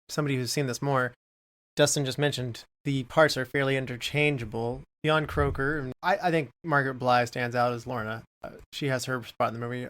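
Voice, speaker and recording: A man's voice: medium pitch, a bit bright. A man co-hosting a film podcast, chatting and asking a guest questions, with slight stammers. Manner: conversational, stammers a little, asks questions. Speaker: podcast co-host. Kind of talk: casual film discussion.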